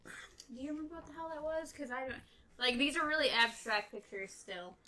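Wry chatty woman reading a novel aloud, slightly high voice. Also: a little fast, pushed and bright, rough recording. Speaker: podcast co-host.

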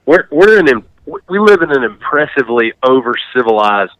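A man's voice: medium pitch, sing-song, normal speed, fairly bright tone, no room sound, highs cut off. A man hosting a hunting podcast, chatting casually and telling stories with frequent laughs and restarts. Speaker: podcast host. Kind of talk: casual chat.

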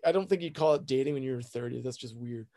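A man's voice: medium pitch, fast, warm tone. A man in his thirties telling a casual personal story, rambling and self-deprecating, often acting out what people said. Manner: rambling, self-deprecating, acts out quoted voices.

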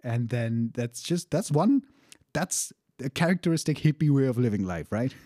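A man's voice: medium pitch, lively intonation, normal speed, mellow, dry recording, studio quality. A man casually recounting a personal story, rambling and profane, with frequent fillers and chuckles.

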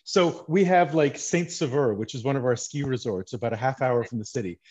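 A man's voice: medium pitch, a little fast, husky, highs cut off. Chatty Montreal-raised male podcast host. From Montreal, Quebec. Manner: chatty, joking, animated storytelling. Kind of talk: casual interview chat.

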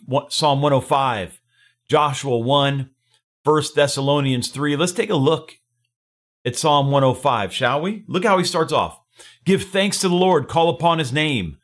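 A man's voice: fairly high pitch, a bit bright. A man hosting a daily devotional, preaching with fervor and repeating phrases for emphasis. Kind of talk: energetic daily devotional sermon.

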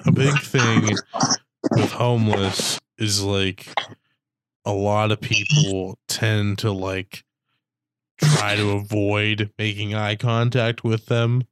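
A man's voice: fairly low pitch, flat delivery, slow pace, slight background noise. A young man in casual chat who tells stories and jokes crudely, with lots of fillers. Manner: crude joking, filler-heavy.

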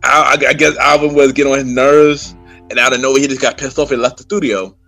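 A man hosting a podcast, chatting easily with plenty of street slang and quick agreement. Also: mid-range voice, steady tone, pushed and bright, faint music behind. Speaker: podcast host. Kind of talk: casual chat.

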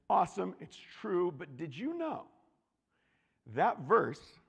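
A man preaching a sermon, animated and swinging from loud declarations to hushed asides. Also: a little high, takes it slowly, vocal fry, husky, long reverb tail, muffled recording.

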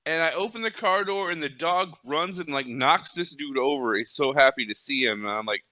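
A man tells a rambling story in a relaxed podcast chat, swearing as he goes. His voice is bright and forward. The sound is dry and close. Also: on the high side, fairly quick, no echo, rough recording. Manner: swearing, laid-back storyteller. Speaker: podcast co-host telling a story.

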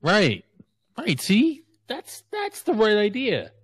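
A man's voice: high voice, wildly swooping pitch, takes it slowly, breathy edge, no room sound. A man co-hosting a podcast, chatting casually and teasing his friends, often restarting his sentences. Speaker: podcast co-host. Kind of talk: casual chat.

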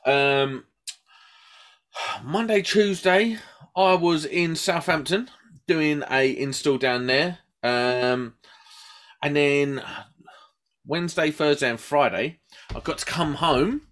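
A man, co-host of a podcast, an animated and talky storyteller in casual chat. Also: fairly high pitch, slow, pauses often.

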